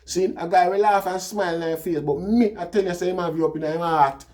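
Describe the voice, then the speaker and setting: A vlogger with a high, darkish-toned voice talks briskly in a Jamaican accent. He shares a personal story as a casual, rambling monologue, frequently saying "you know, see."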